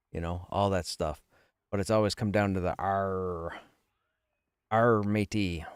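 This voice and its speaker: Low-voiced joking male game streamer. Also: a little mellow, smooth, no echo, studio quality. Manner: chatty, joking, self-deprecating. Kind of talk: casual live-stream chat while gaming.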